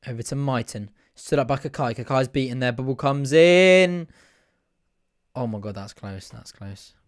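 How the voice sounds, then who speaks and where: A young man hosting a live football watch-along, shouting at the match, swearing and groaning over his team. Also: mid-range voice, fairly quick. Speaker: fan watch-along host.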